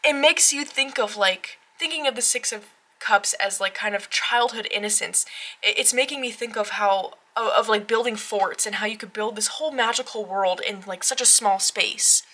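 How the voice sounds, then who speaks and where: A woman walks through a new tarot deck in her home tarot room, gushing and excitable, with gasps and filler words between her thoughts. Her voice is bright and forward, set at an ordinary middle pitch for a woman. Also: moderate pace. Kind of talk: casual unboxing walkthrough.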